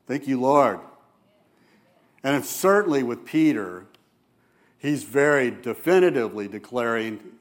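A man preaching a sermon as a church elder, speaking earnestly and turning quiet and soft when he voices gentle quoted words. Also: mid-range voice, animated, a little slow, long pauses.

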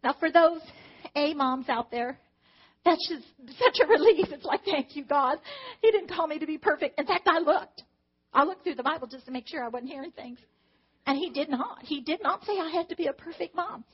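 A woman's voice: sits high, animated, moderate pace, muffled recording. A middle-aged woman giving an earnest, emotional personal testimony to a church congregation, often speaking to God aloud.

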